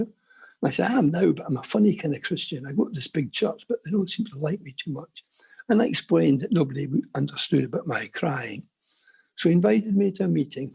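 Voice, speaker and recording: Husky, gravelly older man. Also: on the high side. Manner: earnest storytelling with quiet asides. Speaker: conference speaker. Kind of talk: personal testimony.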